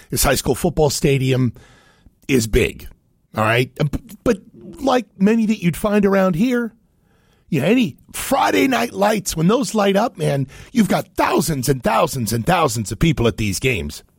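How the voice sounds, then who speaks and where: Male show host from Cincinnati, animated commentary, gravelly timbre, dry studio sound. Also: on the high side, a little slow, no room sound. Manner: animated, chatty, laughs often. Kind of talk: casual show commentary on clips.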